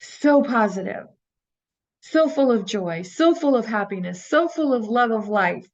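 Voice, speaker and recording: A woman's voice: fairly high pitch, lively intonation, unhurried, dull audio. A woman teaching a recorded course, talking earnestly and coaching her listeners with rhetorical questions. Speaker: teacher of an inner-child healing course.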